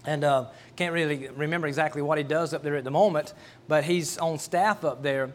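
A man's voice: fairly high pitch, a little fast. A middle-aged man, preaching a sermon in a folksy, storytelling way and often restarting his words. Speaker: pastor.

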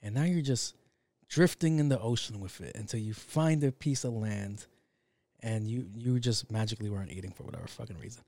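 A man's voice: fairly low pitch, fairly quick, dark tone, no room sound. A young man in a casual solo monologue, rambling and profane, drifting off on tangents.

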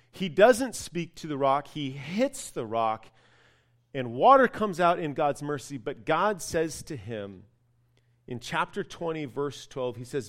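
A male pastor preaching a sermon in a conversational, animated storytelling way, with casual asides. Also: a little high.

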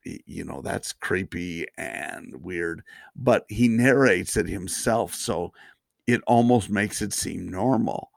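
A man with a low, gravelly voice co-hosts a podcast in easy casual chat. He often stops and restarts mid-sentence, and the sound is dry and close. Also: no room sound. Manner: chatty, halting restarts, frequent laughs. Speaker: podcast co-host.

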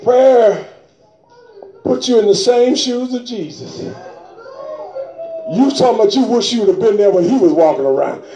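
A middle-aged man preaching a charismatic sermon, shouting and drawing out phrases, breaking into tongues. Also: high-pitched, expressive, roomy sound, muffled recording. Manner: shouting, drawn-out emphatic phrases, speaking in tongues.

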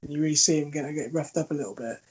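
A man's voice: a little high, rapid-fire, slightly rough. A man in casual podcast chat, swearing freely and laughing as he tells stories. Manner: swears freely, laughs a lot, animated storytelling. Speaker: podcast co-host. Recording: dull lo-fi sound.

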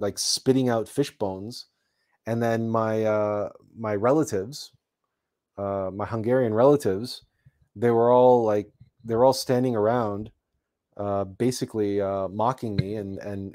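Casting note: man, Canadian-born host, reflective storytelling, halting delivery full of restarts and fillers. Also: lowish voice, darkish tone. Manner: halting, repeats words, many fillers.

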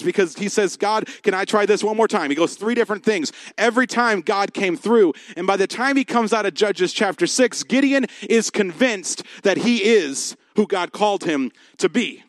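Pastor guy preaching, high-pitched voice, super dry close sound, acts out the voices as he goes. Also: no room sound. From Michigan. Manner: animated storytelling, acts out quoted voices. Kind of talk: sermon.

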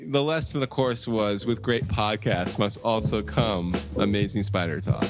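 A man co-hosting a comics podcast, chatting casually and spinning a rambling deadpan tall tale. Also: lowish voice, unhurried, loud music behind the voice. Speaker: podcast co-host.

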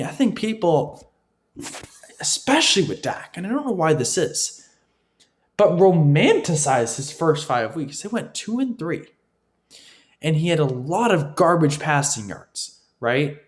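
Man, high-pitched animated voice, opinionated sports commentary, emphatic and repetitive. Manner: emphatic, repetitive, addresses listeners as folks, frequent "right?". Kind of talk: opinionated football analysis monologue.

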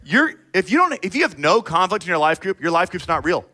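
A man preaching a sermon to his congregation, animated and emphatic, calling people out directly and acting out people in quick asides. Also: sits high. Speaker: pastor.

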